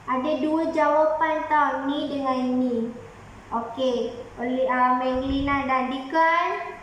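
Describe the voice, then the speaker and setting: A woman's voice: high-pitched, steady tone, a little slow, slight background noise. A woman schoolteacher, explaining a lesson patiently and repeating herself to coax young pupils. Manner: patient, repetitive, coaxing. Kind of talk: classroom lesson mixing Malay and English. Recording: very echoey room.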